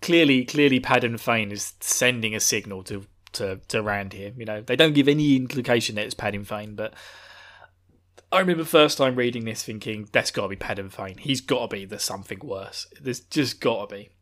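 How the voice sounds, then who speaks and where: A man's voice: medium pitch, a little fast, a bit bright. A man hosting a fantasy book podcast, chatting casually with frequent laughs and restarts. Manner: rambling, laughing, self-interrupting. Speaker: podcast host. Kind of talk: casual chat.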